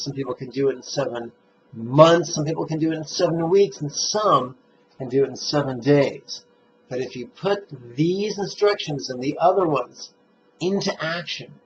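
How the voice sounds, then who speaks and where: A man teaching meditation, speaking in slow, deliberate, emphatic phrases as he gives instruction. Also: on the high side. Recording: dull lo-fi recording with faint noise.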